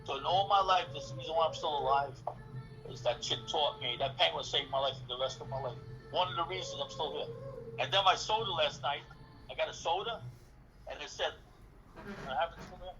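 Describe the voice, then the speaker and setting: A man being interviewed, telling a story in a casual, animated way, acting out dialogue and swearing freely. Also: on the high side, a little fast, soft background music. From New York City. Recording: dull lo-fi recording.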